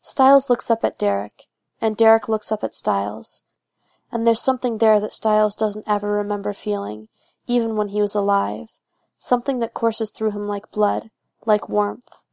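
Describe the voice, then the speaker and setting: Gravelly woman reading a fan audiobook. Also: mid-range voice, flat delivery, normal speed, a little mellow, no echo, clean studio sound. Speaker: audiobook narrator.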